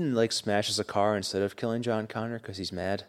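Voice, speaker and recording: A man's voice: fairly low pitch, steady tone, fairly quick, clean tone. A man in casual chat about movies who makes short, blunt remarks.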